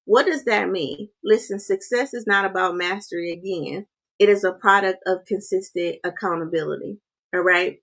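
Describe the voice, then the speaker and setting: A woman's voice: mid-range voice, moderate pace. A woman hosting a motivational livestream, talking casually and often checking in with "right?" and "you guys".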